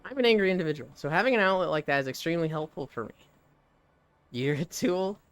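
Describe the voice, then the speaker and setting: Animated streamer chatting on a treadmill. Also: medium pitch, rapid-fire, smooth, dry recording. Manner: reads chat aloud and riffs, animated storytelling. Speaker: live streamer. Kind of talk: casual stream chat while walking on a treadmill.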